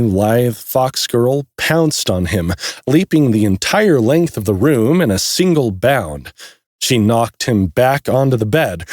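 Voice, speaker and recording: A man giving an expressive scripted audiobook narration. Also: medium pitch, no room sound, studio quality.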